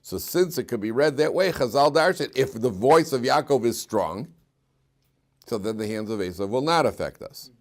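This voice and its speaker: A middle-aged rabbi leads a Torah class, drawing out key phrases slowly and loudly and quizzing his students. He sinks into a low, quiet voice for wry asides, and his delivery is expressive throughout.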